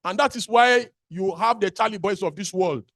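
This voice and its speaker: A man's voice: sits high, moderate pace, fairly bright tone, no echo, clean studio sound. A man with a Nigerian accent giving an impassioned public speech as an activist, repeating phrases for emphasis. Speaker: activist speaker at a birthday gathering.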